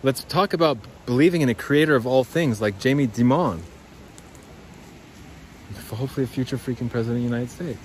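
A man's voice: medium pitch, fairly quick, pauses often, slight background noise. A man rambling and swearing through a podcast monologue as he walks outdoors by a creek. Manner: rambling, profane, talks to listeners as guys. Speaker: podcast host. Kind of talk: rambling walk-and-talk monologue.

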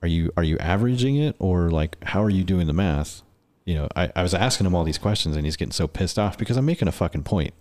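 On a podcast, a male guest with a low voice talks fast with few pauses, casually telling a work story. He's animated and profane, swearing throughout and acting out quotes.

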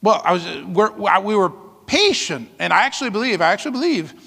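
A pastor preaching a sermon, telling folksy stories with asides and laughter. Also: male voice, high-pitched, big pitch swings, a little fast, creaky, sharp tone, long reverb tail.

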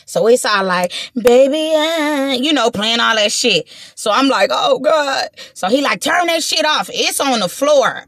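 A young woman from Watts tells a wild story in a casual, animated way, acting out the voices and swearing freely. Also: fairly high pitch, moderate pace, hardly any pauses, dry recording. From Watts, Los Angeles.

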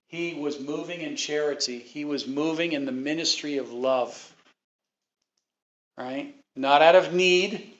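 A man with a fairly high, fairly bright voice preaches a sermon to his congregation. He is emphatic, repeats his points, and asks the people questions. The recording is dull and lo-fi.

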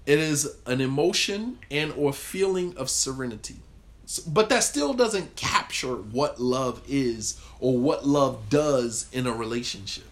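A man's voice: mid-range voice, lively intonation, measured pace. A man leading a group talk on marriage, speaking conversationally and acting out quoted lines. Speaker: marriage workshop leader.

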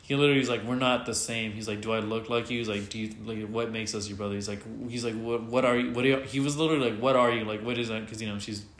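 Fast-talking man telling a story. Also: on the low side, reverberant, a little hiss or hum. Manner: animated retelling, swears freely, quotes others in voices. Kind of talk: casual storytelling chat.

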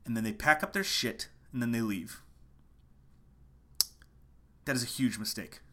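Unhurried, with a medium-pitched voice that sounds pushed and bright, a man who is a musician gives a casual marketing talk to camera. He's at home late at night, teaching online marketing passionately and repeating his points.

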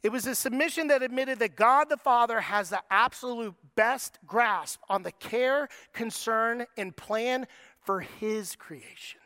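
A middle-aged man preaching a sermon, moving between lively, raised passages and soft, slow, quiet lines. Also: very high voice, dry recording, clean studio sound. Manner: preaching with dramatic shifts in tone, acting out voices. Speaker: pastor.

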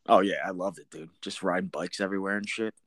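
A man's voice: low-pitched, steady tone, quick pace, a bit bright, no echo. A man in a casual chat, reminiscing about military service and prompting his friend for stories. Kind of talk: casual conversation.

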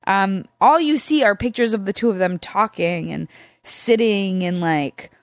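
A woman's voice: medium pitch, measured pace, no echo, clean studio sound. A woman co-hosting a casual film review chat, emotional and gushing, tearful and laughing often.

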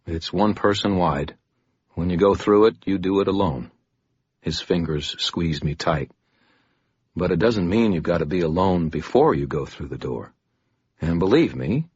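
A man voicing the dream image of a gentle, wise father who speaks quietly and kindly to his son. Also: deep voice, husky, no room sound, highs cut off, full character voice.

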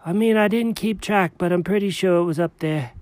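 A man acts out a wired, sugar-crazed tomcat with a high, bouncy voice. He is excitable, rambles, and tosses around "dog" as a nickname. The sound is dry and close. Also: fairly quick, no room sound, close to an everyday voice. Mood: rambling. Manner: excitable, calls everyone dog. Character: hyperactive sugar-crazed male cat.

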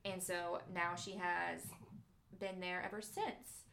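A woman's voice: fairly low pitch, flat delivery, takes it slowly, vocal fry, fairly bright tone. A woman podcast host casually retelling a true story in a studio, chatty with many fillers.

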